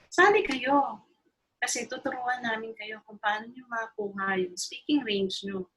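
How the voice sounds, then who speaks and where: A woman with a Filipino accent leads voice training in an online choir workshop over a video call, coaxing and playful as she mixes English and Filipino. Her pitch is fairly high, her tone fairly bright, and the recording is rough.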